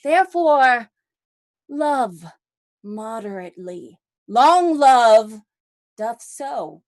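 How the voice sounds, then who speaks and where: Woman as a kindly old friar, slow and measured, light high voice. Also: animated. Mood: counseling. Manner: slow, measured, with playful asides. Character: wise, joking old male friar.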